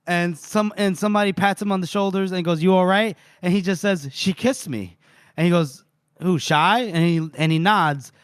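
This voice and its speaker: A man's voice: high-pitched, fairly quick, smooth, dry recording, clean studio sound. A man co-hosting a podcast, casually retelling book scenes with lots of laughter and quoted dialogue. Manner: animated storyteller, quotes characters, laughs often. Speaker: podcast co-host recapping a book.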